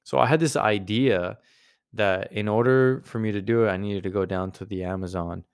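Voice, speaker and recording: A man's voice: fairly low pitch, fairly even intonation, moderate pace, clean tone, dry recording, studio quality. A man hosting his podcast, telling a personal story in a rambling, searching way with many restarts. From United States. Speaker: podcast host. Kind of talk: casual personal monologue.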